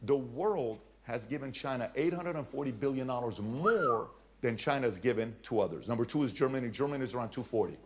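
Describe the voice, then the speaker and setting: A man's voice: mid-range voice, fairly quick. Man explaining like a confident salesman. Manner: salesman-like, animated storytelling with hypotheticals. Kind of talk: persuasive explanation.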